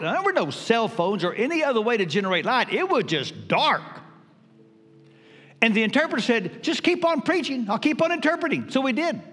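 An older man preaching a sermon as pastor, emphatic with dramatic pauses. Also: sits high, a bit bright. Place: church sanctuary. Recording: reverberant church hall.

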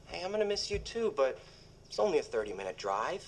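An actor playing a goofy, sweet young boyfriend in a sitcom, awkwardly earnest and playful. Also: male voice, on the high side, very animated, brisk. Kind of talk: sitcom acting. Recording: TV clip with background noise.

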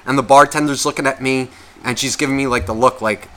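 Male podcast co-host, bright edgy tone, profane and animated in casual chat. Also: mid-range voice, brisk.

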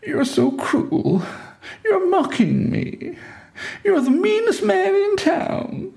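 A man voicing a coaxing young woman in a high falsetto, wailing and pleading. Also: huge pitch swings, takes it slowly, creaky, darkish tone, full character voice. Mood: playful reproach.

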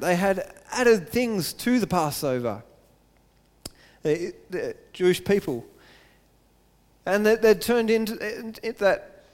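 A man preaching a sermon earnestly, repeating phrases and building to excited emphasis. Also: high-pitched, big-room sound.

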